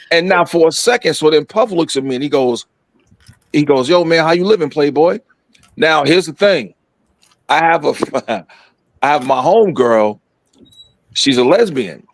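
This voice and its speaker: A middle-aged man telling a story in casual podcast chat, animated and profane, acting out what people said. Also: on the high side, dry recording. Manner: animated, profane, acts out quotes.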